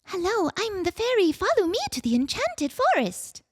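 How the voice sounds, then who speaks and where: A woman voicing a sweet female fairy guide in a squeaky, childlike, sing-song voice for a video game audition. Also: big pitch swings, normal speed. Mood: chirpy. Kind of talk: audition reading.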